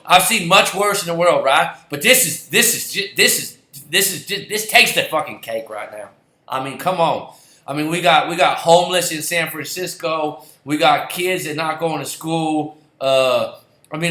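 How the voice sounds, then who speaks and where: A heated, sarcastic man vents as a football fan, swearing and circling back to the same points. His voice sits a little high and sounds bright and sharp. The recording has a roomy echo. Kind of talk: angry ranting vlog.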